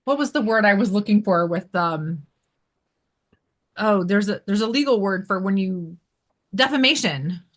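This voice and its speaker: A woman's voice: medium pitch, animated, moderate pace, long pauses. A woman co-hosting a podcast, chiming in casually with short remarks. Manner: brief agreeing interjections. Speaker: podcast co-host. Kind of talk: casual talk.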